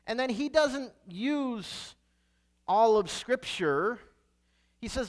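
High-voiced male preacher. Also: animated, slow pace. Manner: earnest, explanatory, storytelling. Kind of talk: sermon with scripture reading.

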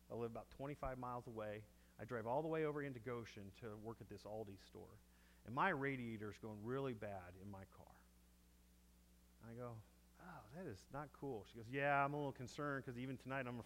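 A man preaching, telling a story and acting out each person's lines. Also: medium pitch. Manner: animated storyteller acting out dialogue. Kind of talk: sermon storytelling. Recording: echoey hall with long reverb.

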